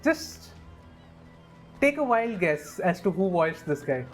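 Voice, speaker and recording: Dude chatting over his game, opinionated, kinda high voice, some music under it. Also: sing-song, slow. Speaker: gameplay commentator. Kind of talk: casual let's play commentary.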